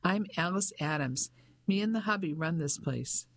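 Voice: mid-range voice, lively intonation, normal speed, creaky, a bit bright. A narrator voicing a chatty older Englishwoman who runs a guesthouse, with a Cockney accent. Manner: chatty, homely. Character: older working-class Englishwoman innkeeper, chatty.

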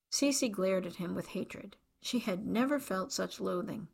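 A woman narrates a novel in an even, measured way. Her mid-range voice carries a noticeable creaky, gravelly grain. The reading is steady and unhurried. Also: mid-range voice. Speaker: audiobook narrator. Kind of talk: scripted narration.

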